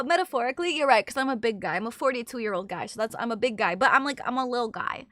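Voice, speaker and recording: Woman streamer, casual chat, bright crisp voice, slightly high, dry close sound, lots of filler. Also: animated, quick pace, hardly any pauses, dry recording. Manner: chatty, filler-heavy, trailing off with "I don't know". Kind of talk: casual chat reading viewer messages. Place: in bed at home.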